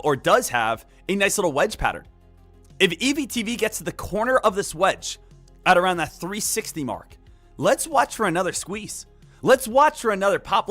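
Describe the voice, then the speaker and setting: A man streaming live market commentary, energetic and emphatic, repeating key points and joking with viewers. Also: a little high. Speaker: day trading live streamer.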